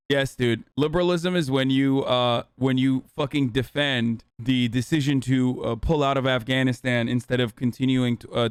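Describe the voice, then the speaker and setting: A man's voice: mid-range voice, clean tone, no room sound, clean studio sound. A young man commenting on political news as a streamer, heated and sarcastic, swearing constantly.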